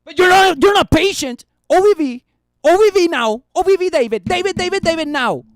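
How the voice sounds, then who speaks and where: A pushy, whiny young viewer who keeps demanding attention, as a man puts him on in a pitched-up, loud voice. He nags over and over without letting up. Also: expressive, brisk, dry recording, clean studio sound. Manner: whiny, insistent.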